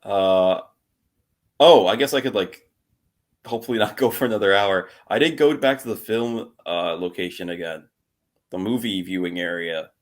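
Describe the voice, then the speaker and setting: Young male podcast co-host, low voice, casual rambling storyteller. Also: moderate pace. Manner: rambling, laughs often, swears casually. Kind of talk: casual chat.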